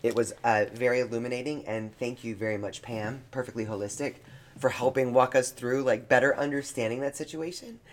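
A man's voice: mid-range voice, fairly even intonation, fairly quick. A man co-hosting a podcast in casual chat, speaking in an earnest, heartfelt way. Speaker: podcast co-host.

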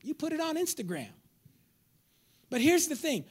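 A man's voice: very high voice, moderate pace. A man preaching a sermon as pastor in a church, joking with the crowd and acting out his listeners. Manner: animated preacher, acts out congregants, jokes with crowd. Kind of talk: lively sermon.

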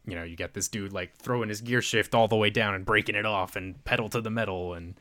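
A man casually recapping a movie plot, rambling with many fillers and quick voiced quotes. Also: lowish voice, pushed and bright, no echo. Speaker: podcast co-host.

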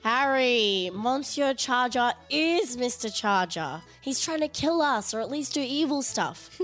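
A woman's voice: high voice, lively intonation, unhurried, a bit bright, faint music behind, pitched above the performer's own voice. A woman voicing an anxious schoolboy who urgently accuses a teacher in a comedic story reading. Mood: alarmed.

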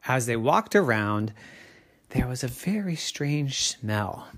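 A woman spins a bedtime story for children at an easy, unhurried pace. Her delivery is playful and sing-song, with pitch that swoops widely and sudden drops into soft whispers. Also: sing-song, a little hiss or hum. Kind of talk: improvised bedtime story narration.

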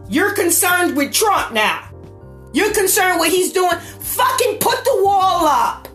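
A woman delivering an impassioned, profane political rant, repeating herself and shouting at times. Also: very high-pitched, big pitch swings, slow pace, echoey room, faint music behind. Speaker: political commentator.

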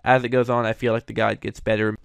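A man's voice: fairly low pitch, flat delivery, quick pace, creaky, clear, resonant tone, no echo. A man hosting, giving casual, hedging commentary on cartoon voice recasts, with frequent fillers. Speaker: host reviewing voice recasts.

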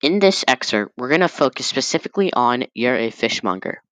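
A young man giving a casual class presentation, loose and halting with many fillers and restarts. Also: medium pitch, big pitch swings, a bit bright, dry recording, poor audio. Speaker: student presenter.

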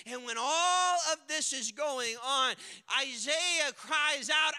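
A man preaching a sermon with dramatic swings from hushed to shouting, recorded in a church sanctuary. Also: extremely high pitch, a little slow, few pauses, clear, resonant tone. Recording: long hall reverb.

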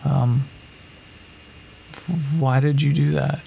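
A man's voice: on the high side, flat delivery, slow pace, vocal fry, dark tone, a little hiss or hum, exaggerated voice, poor audio. A man voicing a blunt, crude young human man from Kansas who talks hesitantly and curses. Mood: puzzled.

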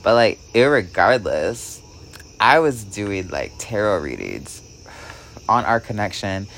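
A man vlogging, telling a rambling story with "like" in almost every phrase and swinging between hushed and excited delivery. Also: on the low side, takes it slowly, a little hiss or hum. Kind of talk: casual storytelling vlog.

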